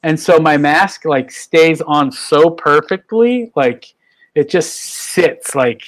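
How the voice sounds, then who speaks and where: Male host, slightly high voice, loose rambling delivery with lots of fillers, remote call. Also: slow pace. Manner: rambling, many fillers and restarts. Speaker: talk show host. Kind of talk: casual chat on a live video call.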